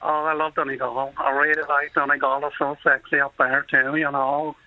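A man's voice: fairly high pitch, flat delivery, normal speed, no echo. A man with a Kerry Irish accent, calling in to a radio show and chatting enthusiastically at length. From Ireland, Kerry. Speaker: radio caller. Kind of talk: casual phone-in chat. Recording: dull lo-fi radio phone-in.

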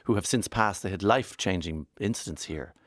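A man's voice: deep voice, brisk, no echo. A man hosting a radio interview in the studio, playful and jokey, often cutting in with questions. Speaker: radio host.

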